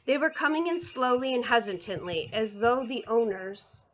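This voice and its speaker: A woman reading a children's book aloud, expressive, with small slips and restarts. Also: on the high side, moderate pace, dull audio. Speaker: reader. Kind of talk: storybook read-aloud.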